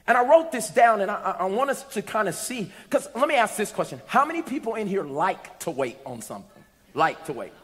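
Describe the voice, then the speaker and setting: A man preaching a sermon, telling a story with lively asides and rising into shouts to his congregation. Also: sits high. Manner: animated storytelling, builds to shouts. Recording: long hall reverb.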